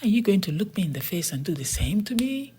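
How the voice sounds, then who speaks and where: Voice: mid-range voice, sing-song, fast talker, mellow, slightly rough, pitched above the performer's own voice. An audiobook narrator voicing a sulky boy twin who pleads to be let in. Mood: pleading. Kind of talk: storybook character voice.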